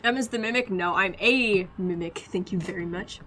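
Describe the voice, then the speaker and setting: A woman's voice: mid-range voice, moderate pace, pushed and bright, slight background noise. A woman streamer in casual chat, giggly and self-deprecating. She talks freely, laughing often as she thinks aloud.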